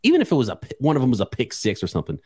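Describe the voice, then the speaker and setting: A man's voice: mid-range voice, huge pitch swings, racing, a little mellow, breathy edge, dry recording, clean studio sound. A man hosting a sports podcast, talking bluntly and chattily with frequent restarts. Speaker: podcast host. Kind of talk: casual sports chat.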